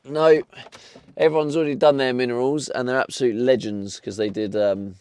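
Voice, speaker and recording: A man's voice: medium pitch, fairly even intonation, moderate pace, a little mellow, smooth. A young man streaming live from his van, chatting casually and bantering with his viewers. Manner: chatty, swears, talks back to chat.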